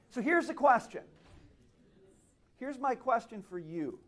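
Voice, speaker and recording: A man from Minnesota giving a conference speech on stage, telling stories with dramatic pauses. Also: high voice. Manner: animated storyteller, dramatic pauses. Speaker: speaker at a conference. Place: stage at a live event.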